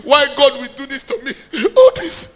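A Nigerian preacher acts out a self-pitying husband without work. He whines in a very high, strained, crying voice, much higher than the preacher's own. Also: big pitch swings, moderate pace, fairly bright tone, exaggerated voice. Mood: wailing. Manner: whiny crying voice.

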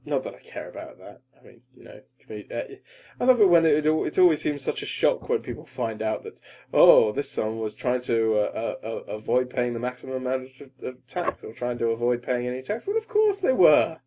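A man griping through a casual podcast chat, grumbling one moment and breaking into loud mocking voices the next. His pitch is middling. The audio is dull and lo-fi. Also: fairly quick. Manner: animated, grumbling, bursts into loud mock voices. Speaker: podcast co-host.

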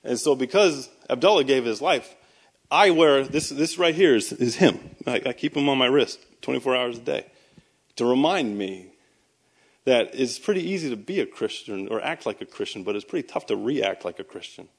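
A man's voice: medium pitch, lively intonation, moderate pace, slightly rough. A man, a Christian speaker, giving a personal testimony sermon in a conversational storytelling way, with sarcastic asides and emphatic bursts. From United States. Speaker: Christian speaker and army veteran.

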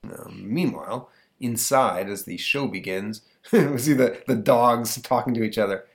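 A man's voice: medium pitch, unhurried. A man hosting a podcast, retelling a comic strip in rambling casual chat with fillers and chuckles. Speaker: podcast host.

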